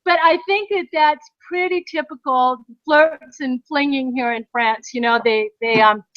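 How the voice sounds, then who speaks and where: A woman's voice: sits high, unhurried, no echo. A middle-aged American woman co-hosting a podcast, telling a story in a chatty way with frequent laughs. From United States. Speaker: podcast co-host. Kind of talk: casual chat. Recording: dry, dull lo-fi sound.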